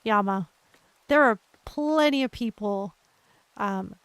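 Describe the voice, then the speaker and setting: A young woman with an Australian accent, chatting gently and encouragingly with her live viewers as a streamer, laughing often. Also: mid-range voice, slow, no room sound. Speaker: livestreamer. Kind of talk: casual chat with live viewers.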